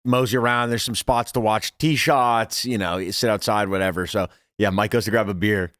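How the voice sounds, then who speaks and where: Low-voiced relaxed young man. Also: fairly quick, no echo, clean studio sound. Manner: laid-back, chiming in with short reactions. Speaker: podcast co-host. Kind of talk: casual chat.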